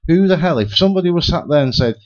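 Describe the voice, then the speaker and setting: A man's voice: on the high side, rapid-fire. A man speculating at length on a community radio talk show, talking in restless bursts with many restarts. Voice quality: lively, theorizing, many restarts. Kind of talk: rambling speculative radio chat. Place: radio studio. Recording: lo-fi radio broadcast.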